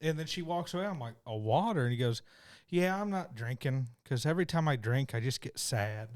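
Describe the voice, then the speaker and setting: A man, co-hosting a podcast and telling animated stories, acting out the dialogue. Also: mid-range voice, a little fast. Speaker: podcast co-host. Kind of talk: casual chat. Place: podcast studio.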